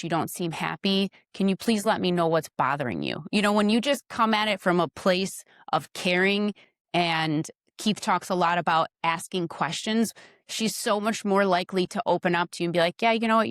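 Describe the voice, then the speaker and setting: Woman w/ a lowish voice, chatting on a podcast, blunt advice, acts out bits of dialogue, dry sound. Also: fairly bright tone, dry recording. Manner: direct, advice-giving, acts out little dialogues. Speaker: podcast guest, wife of host. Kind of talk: casual chat.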